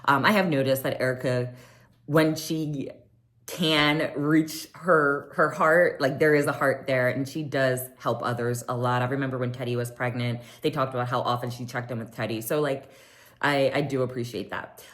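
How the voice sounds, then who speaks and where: A woman's voice: rumbling low, steady tone, normal speed, fairly bright tone. A woman recapping a reality show in a chatty way, with lots of "um"s, often acting out what others said. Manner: chatty, many fillers, acts out quotes. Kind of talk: casual recap chat.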